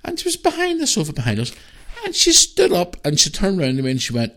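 A man in his thirties hosting a casual podcast, telling a story in an animated, ranting way and swearing freely. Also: sits high, fast. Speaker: podcast host.

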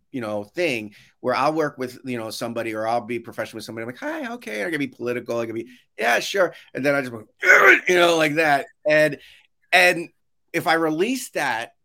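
A man speaking as a guest in a casual interview over a video call, telling stories with many restarts and acting out what others said. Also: mid-range voice. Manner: animated storyteller, acts out quotes, many restarts. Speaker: podcast guest, education consultant. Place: home office with shelves.

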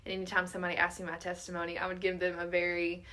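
A woman's voice: fairly low pitch, completely flat delivery, very fast, sharp tone. A college-aged woman earnestly telling a personal faith story in casual chat, often quoting her own thoughts. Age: around 20. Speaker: guest sharing testimony.

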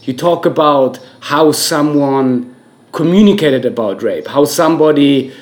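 A man co-hosting a casual podcast, earnestly explaining his view with halting restarts. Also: on the high side, a little mellow. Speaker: podcast co-host. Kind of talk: casual chat.

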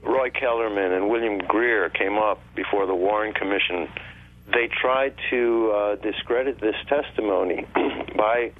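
Low-voiced man on a tinny phone line. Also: measured pace. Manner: insistent, explains at length. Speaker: guest. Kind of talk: radio call-in talk.

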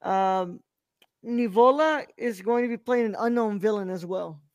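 A man's voice: high voice, unhurried, smooth, no room sound, studio quality. A male podcast co-host in casual chat, talking bluntly and swearing often.

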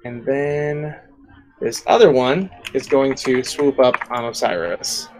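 A man narrating as game master in a tabletop game, relaxed and laughing, thinking aloud with fillers as he goes. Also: mid-range voice, slow, noisy background.

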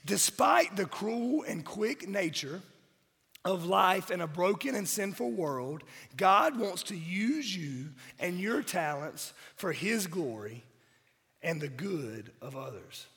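A man from South Georgia with a Southern accent, preaching a sermon while hoarse from a cold, mixing wry jokes to the congregation into his points. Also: high-pitched, expressive, slow, fairly bright tone. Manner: wry, joking asides to the congregation. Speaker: pastor. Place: church sanctuary. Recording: church hall reverb.

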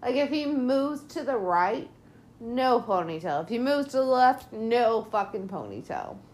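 A woman's voice: fairly high pitch, unhurried. Exasperated woman riffing on a movie. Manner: lively, exasperated, heavy swearing. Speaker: podcast host. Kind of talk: casual movie commentary.

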